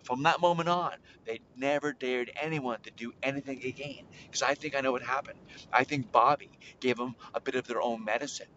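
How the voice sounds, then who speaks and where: A man hosting a children's podcast, telling a story and coaxing young listeners to shout along. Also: mid-range voice, brisk, highs cut off, a little hiss or hum.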